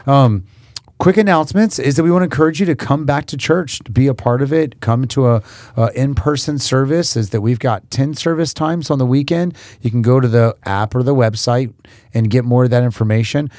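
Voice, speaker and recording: Enthusiastic pastor hosting a podcast. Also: male voice, medium pitch, a little fast, darkish tone, no echo, studio quality. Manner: enthusiastic, chatty. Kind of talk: upbeat church podcast chat.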